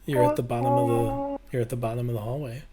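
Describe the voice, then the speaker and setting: A man's voice: mid-range voice, wildly swooping pitch, quick pace, a crowd in the background. Matter-of-fact man running a tabletop game. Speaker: game master.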